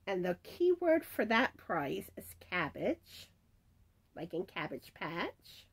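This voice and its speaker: A woman's voice: lowish voice, very animated, takes it slowly, breathy edge. A woman hosting a crafting channel, chatting casually as she reads out giveaway winners and their comments. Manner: chatty, reads comments aloud, stumbles over names. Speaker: crochet channel host announcing giveaway winners. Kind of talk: casual chat.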